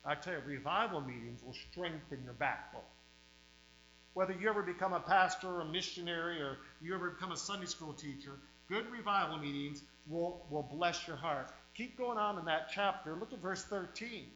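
Male pastor, sermon in a church, punchy and emphatic; echoey room, faint hum. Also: a little high. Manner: emphatic preaching with sudden swings in loudness and drawn-out words. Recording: roomy, dull sound with faint mains hum.

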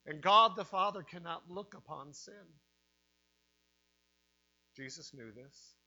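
A man preaching a sermon, dropping to a hush and rising to loud cries. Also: on the high side, takes it slowly, lo-fi sound. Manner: dramatic swings from hushed to loud.

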